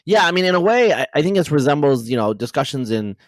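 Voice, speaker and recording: A man hosting a podcast interview, talking in a rapid, animated way with many fillers and restarts. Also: a little high, no echo. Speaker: podcast host. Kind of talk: casual conversational interview.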